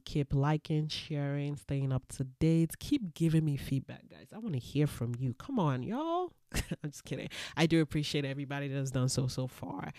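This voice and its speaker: A woman's voice: low-pitched, mellow, dry recording. Earnest woman podcast host, dry sound. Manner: earnest, upbeat, playful, many fillers and restarts. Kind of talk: faith-based encouraging podcast monologue.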